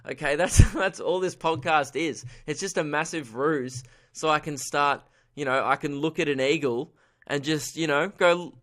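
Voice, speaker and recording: An Australian man talks on his own comedy podcast in a rambling, irreverent monologue. He laughs often at his own jokes, and his voice sits slightly on the higher side for a man. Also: moderate pace, fairly bright tone.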